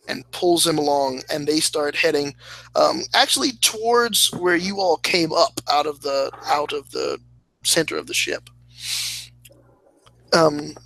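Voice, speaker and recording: A man running a tabletop game, narrating in a halting way with plenty of restarts as he thinks aloud. His voice is gravelly and bright, unhurried and slow. The sound is close and dry. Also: fairly high pitch, no room sound, low-quality recording. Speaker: game master.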